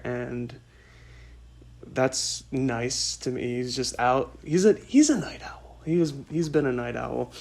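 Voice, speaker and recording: A man hosting a casual solo podcast, rambling and interrupting himself with asides and laughs. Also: mid-range voice. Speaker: podcast host.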